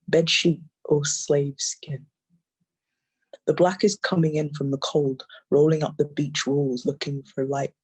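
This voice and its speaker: A poet reading their own poems aloud in a measured, intense way, often repeating phrases. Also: mid-range voice, darkish tone, husky. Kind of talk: poetry reading.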